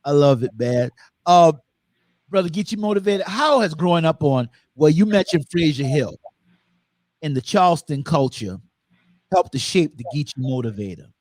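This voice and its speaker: A man's voice: on the high side, animated, moderate pace, a little mellow, no room sound. A male host who laughs easily and asks questions in an easygoing manner. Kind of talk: interview questions.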